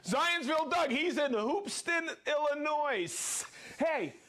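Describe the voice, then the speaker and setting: A man hosts a live show and calls out viewers one after another, whooping and joking as he goes. His voice sits high and swings widely in pitch. The delivery is exuberant and playful throughout. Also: lively intonation, takes it slowly, fairly bright tone. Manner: exuberant, playful, whoops and jokes between names. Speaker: host of a live product show. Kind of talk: live-stream viewer shout-outs.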